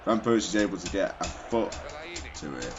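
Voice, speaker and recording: Deep-voiced man, wry gameplay commentary. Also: very animated, moderate pace, over music. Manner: wry, self-mocking, rambling asides. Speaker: gaming commentator. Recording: slightly dull lo-fi recording.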